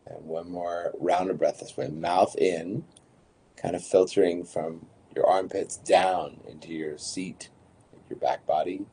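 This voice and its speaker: Low, dark-voiced man guiding breathwork. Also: unhurried, slight background noise. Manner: calm, counting breaths with short instructions. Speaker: breathwork guide. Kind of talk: guided breathing practice.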